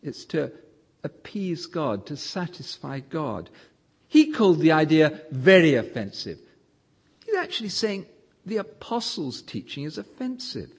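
A man's voice: fairly high pitch, big pitch swings, measured pace, breathy edge. A man preaching a sermon in an emphatic way, his voice rising and falling to stress points.

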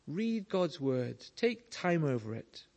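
A man preaching a sermon, slow and earnest, telling stories to make his point. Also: a little high, big pitch swings, a little mellow.

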